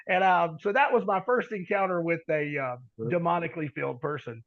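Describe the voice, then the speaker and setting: A man's voice: sits high, expressive, brisk, hardly any pauses, highs cut off. A man as a podcast guest, telling a story in a rambling, folksy way with many restarts. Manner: rambling, self-correcting, folksy. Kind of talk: casual storytelling.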